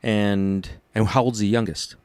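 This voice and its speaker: Animated man telling stories casually. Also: a little slow, smooth, dry recording. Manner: animated storyteller, acts out quotes in a high voice. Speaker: podcast host. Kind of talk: casual chat.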